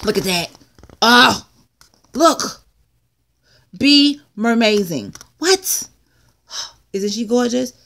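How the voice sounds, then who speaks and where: Recorded on a close mic at a table, a woman hosts a casual craft-supply haul vlog, excitable and full of playful exclamations and asides. Her gravelly voice is on the high side, with drawn-out words and long pauses.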